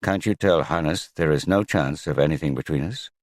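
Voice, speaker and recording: A man's voice: extremely low pitch, moderate pace, no echo, studio quality. A man voicing a troubled father who pleads insistently to see his son, in an audiobook. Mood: pleading.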